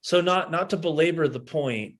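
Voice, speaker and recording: A man's voice: a little high, moderate pace. Musing man co-hosting a podcast. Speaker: podcast co-host. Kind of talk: casual chat.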